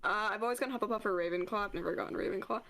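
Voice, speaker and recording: A woman streamer in casual chat, animated and swearing often, with frequent laughs. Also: medium pitch, very fast.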